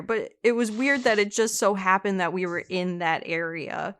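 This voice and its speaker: A woman's voice: fairly low pitch, normal speed, hardly any pauses, clean tone. A woman, co-hosting a podcast and telling a true-crime case in a chatty way. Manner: chatty, laughs easily, reads case details. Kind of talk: casual true-crime storytelling.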